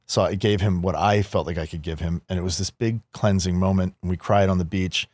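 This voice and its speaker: A middle-aged man with a lowish voice co-hosts a podcast, talking candidly and loosely with lots of fillers. The sound is dry and close, with no room around it. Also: fairly even intonation, a little fast, a little mellow, no room sound. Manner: candid, storytelling, many "like" fillers. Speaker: podcast co-host. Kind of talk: casual conversation.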